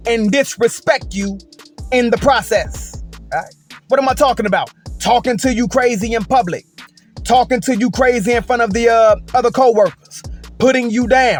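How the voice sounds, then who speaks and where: A man hosting a commentary video, speaking emphatically and checking in with "right?". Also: very high-pitched. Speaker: host.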